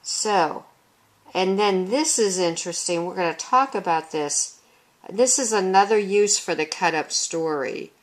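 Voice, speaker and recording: A woman's voice: mid-range voice, measured pace. A woman teacher explaining reading methods in a recorded demonstration. She reads lines from a children's book aloud as examples, recorded on a handheld video camera. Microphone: handheld consumer video camera.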